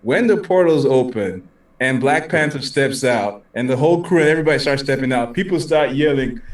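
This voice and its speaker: A man on a podcast in casual chat, an animated storyteller who acts out quotes. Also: medium pitch, a little fast. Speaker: podcast co-host. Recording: echoey room, distant mic.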